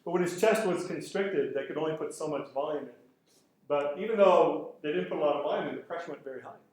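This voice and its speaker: A middle-aged man giving a conference lecture, telling lively anecdotes and acting out the quoted exchanges. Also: a little high, fast. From Canada. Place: lecture hall. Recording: very echoey hall with faint noise.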